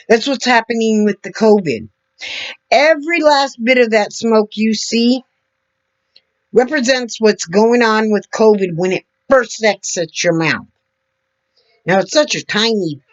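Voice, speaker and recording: A woman talking slowly and earnestly to her camera, demonstrating as she explains, sitting several feet back from her computer mic. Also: mid-range voice, lo-fi sound. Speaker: vlogger. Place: indoor room at a computer. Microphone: computer mic several feet away.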